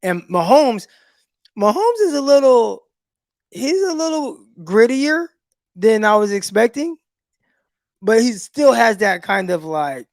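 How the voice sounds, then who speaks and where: High-voiced man telling animated stories. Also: slow pace, long pauses, dry recording. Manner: animated storyteller, acts out quotes. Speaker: podcast co-host, former cornerback. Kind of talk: casual sports podcast chat.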